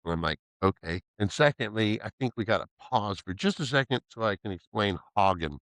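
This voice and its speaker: A man's voice: lowish voice, a little fast, no echo, rough recording. A man telling a rowdy story in a casual chat, swearing freely, laughing often and acting out the other people's lines. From Pacific Northwest of the US. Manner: profane, animated, laughs often, acts out quoted voices. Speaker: podcast host telling a story.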